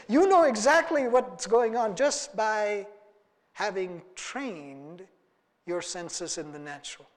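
High-voiced preacher in a reverberant hall. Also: male voice, slow pace. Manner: earnest, rising and falling for emphasis, acts out little dialogues. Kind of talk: sermon.

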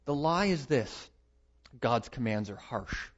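A man preaching a sermon, emphatic, building to loud stresses and repeating his words. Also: mid-range voice, big pitch swings, a little slow. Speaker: pastor. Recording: dull lo-fi recording.

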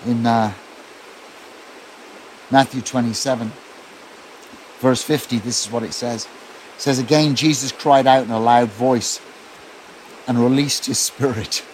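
A male pastor delivers a sermon in a measured, unhurried voice of ordinary pitch. He tells the story with quiet intensity, and a faint hiss sits under his words. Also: steady tone.

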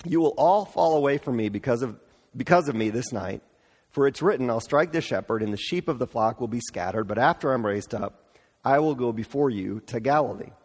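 A man preaching a casual, conversational sermon, informal and animated, acting out quotes playfully. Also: medium pitch, big-room sound. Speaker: pastor.

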